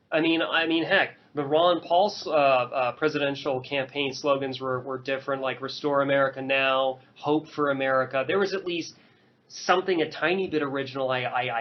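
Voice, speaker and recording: A man co-hosting a podcast in casual chat, speaking in a measured way and hedging with fillers. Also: fairly high pitch. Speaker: podcast co-host. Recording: dull lo-fi podcast audio.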